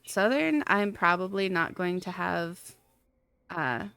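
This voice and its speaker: Slow, smooth-voiced woman streamer rambling. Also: lowish voice, a bit bright, no room sound. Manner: rambling, thinking aloud, frequent fillers and laughs. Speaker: game streamer. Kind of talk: casual live-stream chat while gaming.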